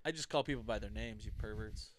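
A man co-hosting a comedy podcast who makes dry, deadpan jabs in casual banter. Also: lowish voice, fast, no echo.

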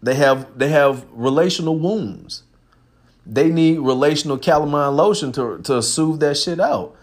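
A man's voice: on the high side, a little slow. A man hosting a podcast, talking in a casual, profane and emphatic monologue. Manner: animated, profane, emphatic storytelling. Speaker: podcast host.

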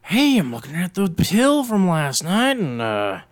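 A man's voice: high voice, wildly swooping pitch, measured pace, voice pushed up, exaggerated voice. A man voicing a petty male store manager with a scratchy voice, falsely chummy and nagging. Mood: smug. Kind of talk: podcast impression.

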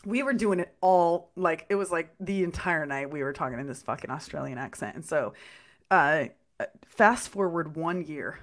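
A woman in her twenties, co-hosting a casual chat, excitable and quick to swear. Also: deep voice. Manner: chatty and excitable, swears freely. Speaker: podcast co-host.

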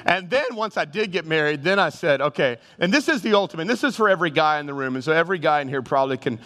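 A man's voice: on the high side, expressive, quick pace, a bit bright. A male pastor preaching a sermon with humor, calling out to his congregation. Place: church sanctuary. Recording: reverberant church hall.

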